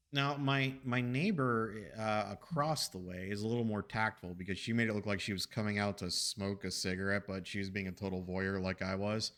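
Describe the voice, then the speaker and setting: A man streaming from his apartment, telling a long anecdote in a rambling, animated way with restarts and casual swearing. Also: lowish voice. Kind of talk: casual storytelling chat. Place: home apartment.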